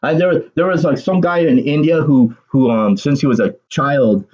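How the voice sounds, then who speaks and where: A man's voice: a little high, normal speed, darkish tone, lo-fi sound. A man giving a ranting solo political commentary, sarcastic and agitated, swearing and laughing bitterly.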